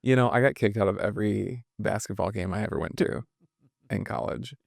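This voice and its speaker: A male pastor in a relaxed, loose conversation, leading the questions. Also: on the low side, a little fast, creaky, no echo, studio quality. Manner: relaxed, rambling with fillers. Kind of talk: casual conversation.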